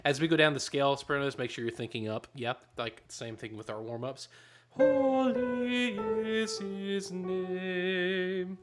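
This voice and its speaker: A man's voice: medium pitch, fast talker, hardly any pauses, loud music behind the voice. A man leading a choir rehearsal, giving directions between short sung demonstrations. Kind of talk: rehearsal instruction.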